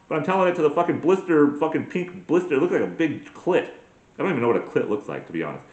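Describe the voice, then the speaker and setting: A man's voice: a little high, very animated, quick pace, reverberant. A man in his forties doing a crude, self-mocking comedic monologue as a podcast host, full of profane rants. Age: 40s.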